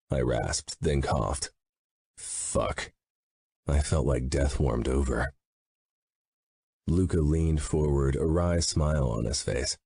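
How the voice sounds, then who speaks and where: Gruff, very deep-voiced male narrator. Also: warm tone, dry recording. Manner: gruff, blunt, swearing. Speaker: audiobook narrator. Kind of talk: first-person audiobook narration.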